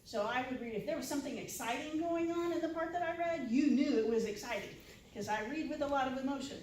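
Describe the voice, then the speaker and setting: A woman leads an informal lunchtime discussion, chatty and full of "right?". She acts out the reactions of other people as she goes. Her slightly high voice is picked up from a distance in a very echoey room, with a faint hiss underneath. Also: fast talker, darkish tone. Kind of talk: informal talk to a live audience. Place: university room with audience.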